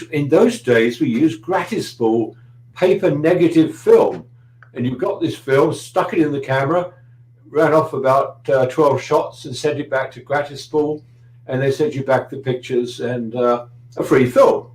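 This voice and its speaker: A man's voice: mid-range voice, unhurried, a little mellow, echoey room, rough recording. Chatty British man from London. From London, England. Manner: chatty, anecdotal, with dry humor and frequent hesitations. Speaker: guest photographer. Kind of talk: casual interview chat.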